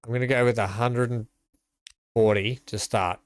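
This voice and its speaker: A man's voice: medium pitch, fairly even intonation, moderate pace, dry recording. An Australian man chatting casually to his live-stream viewers while playing, rambling and greeting them by name.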